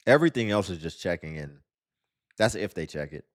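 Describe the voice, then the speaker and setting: A man's voice: deep voice, animated, a little fast, no echo, studio quality. A man giving blunt, mocking reaction commentary on clips.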